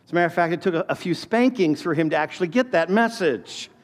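A man's voice: high-pitched, expressive, quick pace. A man in his fifties preaching a sermon, talking to the congregation in a conversational way with personal stories and frequent questions. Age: 50s. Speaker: pastor.

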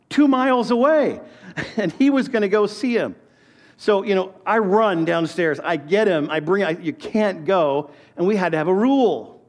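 High-voiced preacher in his fifties. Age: 50s. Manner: conversational preaching with personal stories and questions to the congregation. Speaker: pastor. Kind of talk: sermon.

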